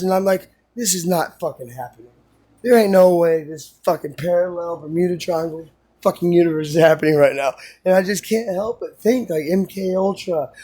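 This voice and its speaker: A man talks straight to the camera in a rambling, unscripted monologue. His voice sits high for a man and has a husky, breathy edge. He swears freely and keeps pressing on with intensity. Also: a little mellow. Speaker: vlogger.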